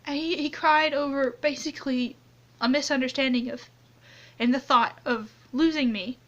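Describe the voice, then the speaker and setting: Tearful high-voiced young woman confiding. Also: fairly even intonation. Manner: halting, many restarts and trailing off. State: tearful, crying on and off. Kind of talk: anonymous confessional vlog. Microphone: phone camera close up, only a hand in frame. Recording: dull lo-fi phone audio.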